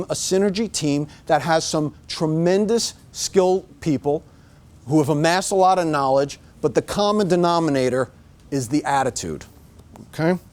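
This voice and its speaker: Middle-aged man, bright high voice, motivational staff talk, emphatic and repetitive. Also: moderate pace. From United States. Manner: emphatic, repeats "okay?" to drive points home. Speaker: marketing director giving a staff talk. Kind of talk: motivational speech. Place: room with a staff audience.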